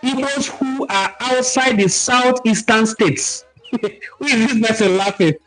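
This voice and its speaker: A Nigerian man hosting a cultural livestream, teaching in an animated, emphatic way and reading out viewer comments. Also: very high-pitched, unhurried, rough recording. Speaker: cultural talk host.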